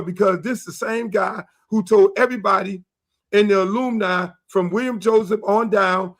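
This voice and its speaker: A middle-aged man hosting a sports talk show, animated and profane, acting out quoted dialogue as he rants. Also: high-pitched, normal speed. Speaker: show host.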